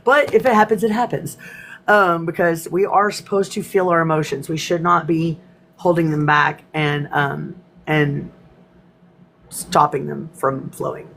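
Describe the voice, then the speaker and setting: A woman's voice: fairly low pitch, a bit bright. Woman host, casual live chat, laughs a lot, on the verge of tears, faint background noise. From East Texas. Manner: emotional, laughs often, close to tears. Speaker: host of a live spiritual class.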